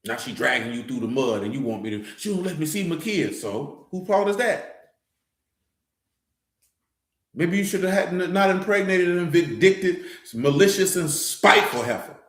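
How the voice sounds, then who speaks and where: A man's voice: fairly high pitch, animated, normal speed, reverberant. A man giving a loose, blunt, streetwise scripture teaching. He talks conversationally and keeps asking "you know what I'm saying". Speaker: teacher of a scripture study assembly.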